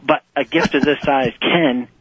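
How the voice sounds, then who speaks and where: A man with a husky, slightly rough voice talks through his ideas in a loose, animated way, laughing easily and jumping into little acted-out quotes. The sound is dry and tinny, like a phone line. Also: medium pitch, unhurried, no echo. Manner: animated, laughs often, acts out quotes in a raised voice. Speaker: author and nonprofit fundraising guest. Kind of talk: conversational interview answers. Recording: muffled phone-line audio.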